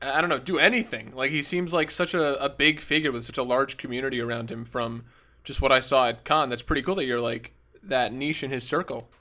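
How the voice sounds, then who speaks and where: A man co-hosting a casual podcast, playful and expressive. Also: mid-range voice, fairly quick. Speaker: podcast co-host.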